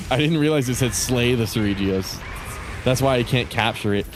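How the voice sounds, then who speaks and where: A man's voice: mid-range voice, brisk, soft background music. Laid-back, cursing young man streaming. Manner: rambling, profane, laid-back. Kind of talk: casual gaming commentary.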